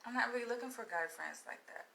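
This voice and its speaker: A woman from Florida tells a story straight to her followers, blunt, profane and animated. Her voice sits a little high and comes across bright and forceful. It is casual vlog talk throughout. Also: fast talker, gravelly, low-quality recording. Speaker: vlogger.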